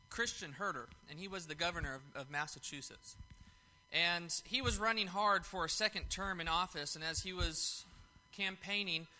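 A man's voice: a little high, sharp tone. A man preaching a Sunday sermon to his congregation, telling a story in a folksy way with fillers and restarts. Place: church service.

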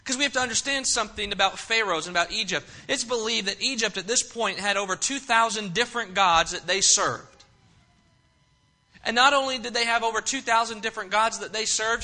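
A man delivering a sermon in a high, piercingly bright voice. He reads scripture aloud and then explains it, repeating key phrases for emphasis and often restarting a thought mid-sentence. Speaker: pastor.

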